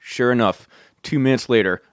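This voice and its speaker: A man hosting a podcast, telling a story in a casual, excitable way, swearing and calling the listener "dude" again and again. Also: mid-range voice, moderate pace, clean tone, dry recording, clean studio sound. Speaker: podcast host.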